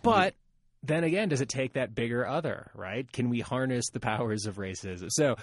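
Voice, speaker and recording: A man's voice: medium pitch, lively intonation, moderate pace, dry recording, studio quality. A man co-hosting a casual podcast who laughs a lot and keeps asking questions. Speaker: podcast co-host.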